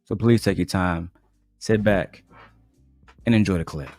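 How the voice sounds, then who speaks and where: A man hosting a live stream, giving wry, deliberate commentary on a clip to his viewers. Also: low voice, a little mellow, faint music behind. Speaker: livestream host reacting to a clip.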